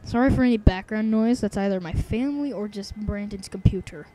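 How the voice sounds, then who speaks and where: A woman's voice: mid-range voice, a little fast, mellow. A young woman hosting a gaming video in casual, goofy commentary, her voice worn by a sore throat and a stuffy nose. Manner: playful, goofy trash talk.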